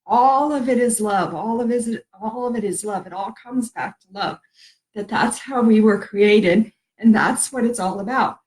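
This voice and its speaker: A woman's voice: fairly high pitch, measured pace, a little mellow, low-quality recording. A middle-aged woman hosting a casual spiritual live stream, rambling and laughing at herself as she talks about love and connection.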